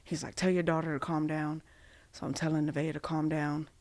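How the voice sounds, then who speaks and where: A woman from Massachusetts, a podcast guest, telling a personal story haltingly with many fillers and restarts, acting out the dialogue she quotes. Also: low-pitched, flat delivery, a little mellow, dry recording.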